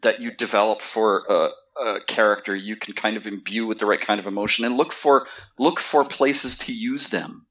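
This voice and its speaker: A man on a casual panel discussion, speaking haltingly and restarting his phrases. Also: lowish voice, steady tone, a bit bright, poor audio.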